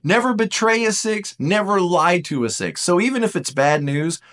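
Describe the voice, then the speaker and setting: A man gives a relaxed, jokey lecture, his voice sitting a little high and full of lively, animated swings. He slips in playful voices as he teaches. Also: moderate pace. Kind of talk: casual lecture.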